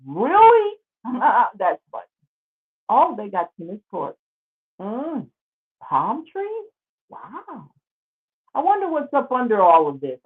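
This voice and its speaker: A woman hosting a show, giving casual, sarcastic commentary as she exclaims over pictures. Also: medium pitch. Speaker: show host. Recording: tinny phone-like line.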